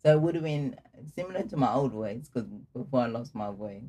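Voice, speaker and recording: A young man telling a personal story in casual conversation, candid and laughing through dark memories. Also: medium pitch, lively intonation, fairly quick. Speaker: guest telling his story.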